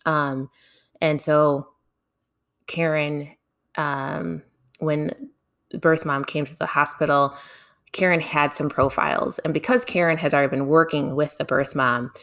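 A woman casually telling a personal story to her viewers, animated, laughing often and swearing now and then. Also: deep voice, a little slow, pauses often.

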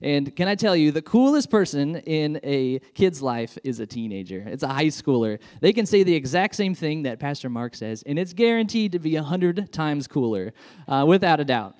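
A man's voice: fairly high pitch, very animated, moderate pace, darkish tone. A man, a children's pastor, giving a sermon in an enthusiastic, conversational way with frequent fillers.

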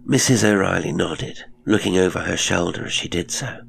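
Deep gravelly male storyteller. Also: moderate pace, a little hiss or hum. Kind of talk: scripted narration of a ghost story.

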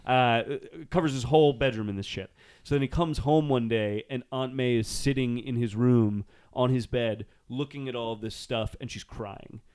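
A man's voice: medium pitch, normal speed, a little mellow, clear, resonant tone. A man co-hosting a podcast, telling a story with eager, laughing enthusiasm in casual chat. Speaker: podcast co-host.

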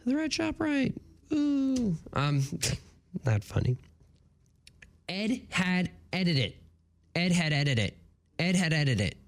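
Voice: medium pitch, big pitch swings, slow pace, long pauses. A morning radio host doing playful solo banter on a close studio mic, laughing at their own slip-ups while stumbling through tongue twisters. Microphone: studio broadcast mic, close.

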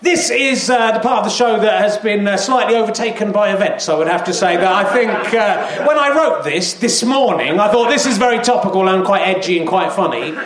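A man's voice: high-pitched, expressive, a little fast, few pauses, a crowd in the background. A man hosting a live comedy show, telling rambling, self-mocking anecdotes with a laughing delivery. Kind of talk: live stand-up and sketch hosting. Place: live venue with audience. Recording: echoey live venue with audience.

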